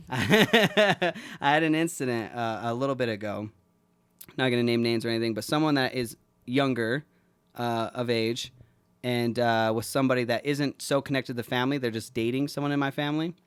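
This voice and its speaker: A man's voice: mid-range voice, moderate pace, fairly bright tone, clean tone, no room sound. A man hosting a podcast, telling an emotional story in a rambling, profane, heartfelt way. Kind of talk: casual heartfelt chat.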